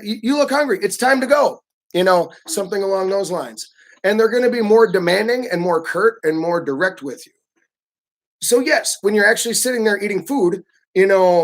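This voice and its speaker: Animated man vlogging casually. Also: high-pitched. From United States. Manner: animated, acts out pushy voices of others. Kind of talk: casual livestream talk.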